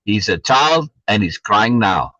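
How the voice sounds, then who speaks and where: A man reading the part of an old male sorcerer teacher, speaking slowly and deliberately, repeating himself with calm insistence. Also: on the low side, no room sound, lo-fi sound, pitched below the performer's own voice, heavily acted. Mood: insistent. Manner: slow, deliberate, repetitive insistence.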